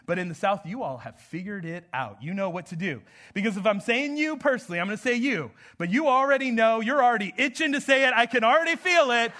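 A pastor from the American Southwest delivers a sermon in a notably high voice for a man. He keeps it loose and conversational, joking with the congregation and laughing between points. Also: animated, fast talker, sharp tone.

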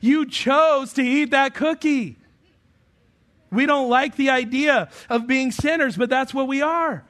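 High-voiced man preaching a conversational sermon. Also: unhurried, a bit bright. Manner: conversational, humorous storytelling with emphatic rises. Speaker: pastor.

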